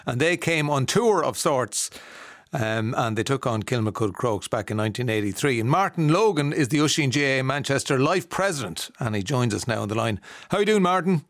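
A man's voice: medium pitch, animated, brisk, dry recording, clean studio sound. A man hosting a radio show, chatting casually and asking friendly questions with plenty of fillers.

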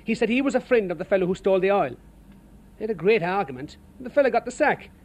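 An Irish labourer with a notably high voice for a man talks about the building sites in a steady, sardonic way. His delivery stays measured and dry throughout. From Ireland. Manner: measured, sardonic account of work conditions. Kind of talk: storytelling testimony.

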